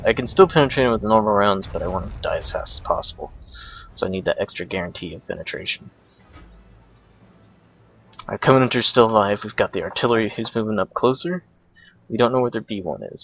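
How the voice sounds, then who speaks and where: A young man casually commenting over a replay of his own game match, explaining each move in a relaxed way with frequent ums and uhs. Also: lowish voice, vocal fry, slightly rough. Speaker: gameplay commentator. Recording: dull lo-fi recording with faint noise.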